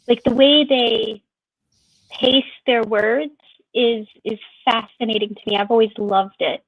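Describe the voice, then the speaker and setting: A woman's voice: a little high, fairly even intonation, unhurried, creaky, dry recording, narrow, tinny audio. A woman streamer chatting casually in an open group conversation, musing and drawing out her phrases. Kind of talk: casual chat.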